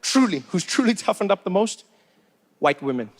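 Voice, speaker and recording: South african guy doing standup, fairly high voice, animated storytelling. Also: normal speed. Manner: animated storytelling, addresses crowd as "guys". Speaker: stand-up comedian. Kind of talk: stand-up comedy routine.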